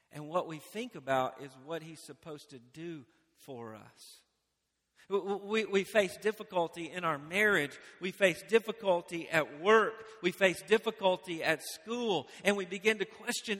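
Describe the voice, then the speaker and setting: A man preaching a sermon, building to emphatic repeated phrases and dropping to quiet moments. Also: sits high, normal speed. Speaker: pastor. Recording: long reverb of a large hall.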